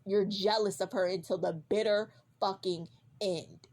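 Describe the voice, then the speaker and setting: A woman's voice: medium pitch, steady tone, a little slow, darkish tone. A woman ranting directly at a TV character in a casual reaction vlog, heated and profane, repeating lines for emphasis. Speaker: vlogger.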